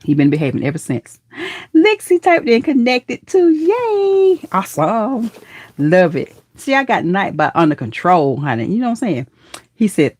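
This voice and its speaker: A woman hosting a casual live-stream chat, affectionate and lively, calling her viewers honey, baby and girl as her voice jumps up in excited greetings. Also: medium pitch, moderate pace, husky, no room sound.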